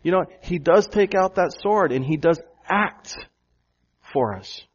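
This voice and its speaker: A man's voice: fairly high pitch, lively intonation, unhurried. A man preaching a sermon as pastor, asking the congregation rhetorical questions and repeating phrases for emphasis. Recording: dull, lo-fi sound.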